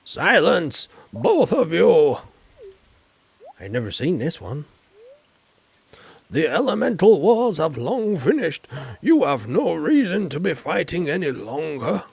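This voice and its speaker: A stern old wizard lays down the law, as a man puts him on. He speaks loud and higher than usual, with a gravelly edge, and sits back from the mic. He sounds commanding and grave. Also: sing-song, takes it slowly, pauses often, dry recording, heavily acted.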